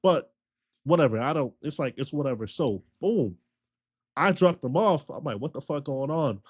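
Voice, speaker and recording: A man streamer telling a long story in a casual, slangy rant, full of repetition and animated retellings. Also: mid-range voice, moderate pace, slightly rough.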